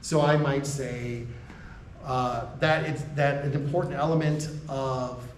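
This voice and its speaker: A man's voice: medium pitch, fairly even intonation, takes it slowly, distant mic, slight background noise. American man lecturing in an echoey room. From United States. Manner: conversational, frequent "right?" checks and restarts; laughs between points. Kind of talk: university lecture to faculty.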